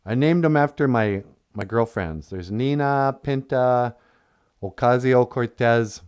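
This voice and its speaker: A man's voice: medium pitch, measured pace, darkish tone, clear, resonant tone, close to an everyday voice. A man voicing a queen who talks in a casual, offhand, chatty way. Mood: breezy. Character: breezy, generous queen, a woman.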